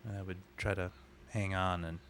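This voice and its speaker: A man's voice: deep voice, flat delivery, normal speed, a bit bright. A man co-hosting a casual movie commentary, chatty and musing, often trailing off mid-thought. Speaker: podcast co-host.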